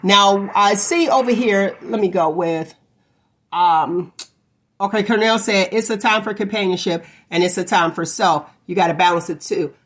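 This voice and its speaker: A woman host argues her point in a casual talk-show debate. She is emphatic and repeats phrases like a refrain to keep the floor. Her pitch sits in a middle register. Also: moderate pace. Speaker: podcast host.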